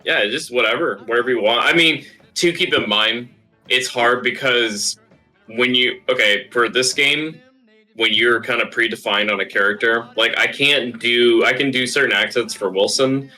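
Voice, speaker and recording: A man's voice: mid-range voice, moderate pace, bright, forceful tone, faint music behind, poor audio. A man serving as game master, chatting casually in a rambling, easygoing way with lots of filler words. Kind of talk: casual table talk.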